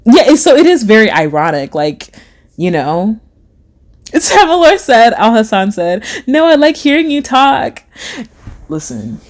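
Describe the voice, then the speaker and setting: Young female streamer, animated and giggly, reads chat aloud, swoops up into high voices for quotes. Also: a little slow. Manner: chatty, giggly, acts out voices with big pitch swings. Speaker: live streamer reading chat. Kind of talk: casual live stream chat.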